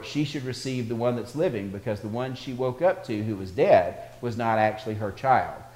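A male pastor preaching to a congregation from a reverberant hall, his voice ringing on with a long tail of echo. He tells stories in a steady voice of middling pitch and swells in volume as he draws his points out. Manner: storytelling preacher, builds in volume for anecdotes. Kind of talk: sermon. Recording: echoey hall.

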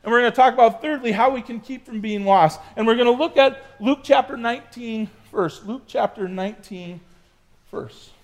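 A man's voice: very high-pitched, moderate pace. A middle-aged man preaching to young cadets, telling a personal story with chatty asides to the audience. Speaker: youth pastor. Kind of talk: sermon to youth cadets.

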